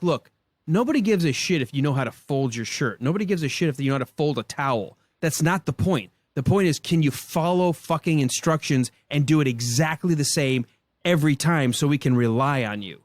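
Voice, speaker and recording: A man who hosts a podcast, telling a boot camp story in casual chat with a profane, animated manner. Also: a little high, fast, no echo. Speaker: podcast host.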